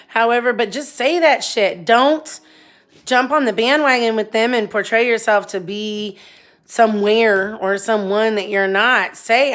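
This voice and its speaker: A woman's voice: fairly high pitch, a little slow, fairly bright tone. A woman in her forties talking bluntly about her own life in a candid, rambling monologue, swearing freely. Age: 40s. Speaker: vlogger.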